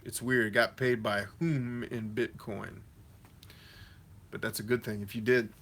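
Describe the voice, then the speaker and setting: A man hosts a casual livestream Q&A, reading viewer comments aloud and answering them directly in a slangy, conversational, motivational-coach style. His medium-pitched, fairly bright voice keeps a level tone at a measured pace.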